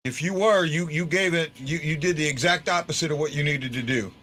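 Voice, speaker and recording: A man hosting a casual fan post-game chat, his voice a little higher than most men's and very bright. He stumbles and restarts his words often as he talks things through, moving between disbelief and excitement. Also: a little fast, a little hiss or hum. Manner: swings from stunned to excited.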